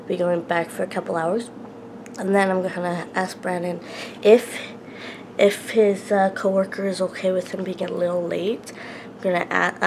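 A woman's voice: mid-range voice, vocal fry, noisy background. A young woman chatting casually to camera at home, rambling with lots of fillers. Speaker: vlogger. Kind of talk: casual vlog chat to camera. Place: home, indoors.

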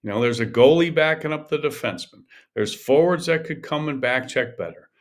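A man's voice: medium pitch, animated, fairly quick. An older man hosting a podcast, coaching in an emphatic, repetitive monologue that often restarts mid-sentence. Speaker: podcast host, golf coach.

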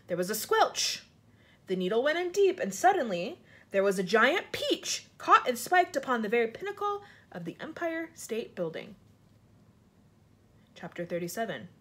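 Husky, animated woman reading aloud. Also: on the high side. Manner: expressive, dramatic storytelling with lively inflection. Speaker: storybook reader. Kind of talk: children's book read aloud.

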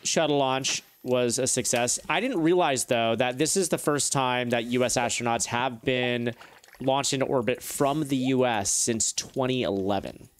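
A man's voice: mid-range voice, normal speed, no room sound. A man chatting casually while playing a game, with dry, joking humor. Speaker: gaming channel regular. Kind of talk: casual gameplay banter.

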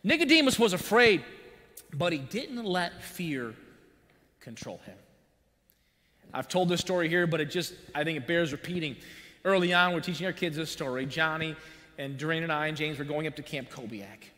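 A man preaching a sermon as pastor, telling a personal story in an animated way with buzzing sound effects. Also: on the high side, moderate pace. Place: church sanctuary. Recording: long church-hall reverb.

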